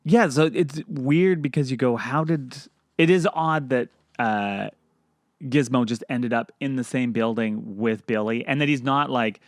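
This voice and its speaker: A man's voice: medium pitch, measured pace, no room sound, clean studio sound. A man co-hosting a casual movie podcast, acting out lines from the film as he talks. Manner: animated, acts out movie lines with laughs. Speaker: podcast co-host. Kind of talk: casual movie review chat.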